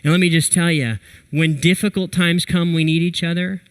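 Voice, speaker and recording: A young adult man preaching a sermon, telling a story with lively, animated retellings of what people said. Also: fairly high pitch, normal speed, smooth, rough recording. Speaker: pastor.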